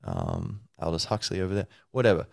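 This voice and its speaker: Low-voiced man rambling casually. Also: huge pitch swings, fairly quick, creaky, dry recording, clean studio sound. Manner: rambling, thinking aloud, lots of fillers, playful. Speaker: podcast host. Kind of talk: casual solo talk.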